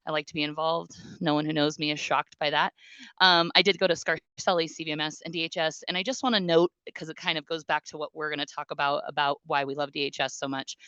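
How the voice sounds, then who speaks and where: A woman's voice: deep voice, clean tone, no room sound, lo-fi sound. A woman in her forties, a teacher and union president, speaking at a school board meeting in a talkative, heartfelt way with frequent ums. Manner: talkative, warm-hearted, emotional, with many ums.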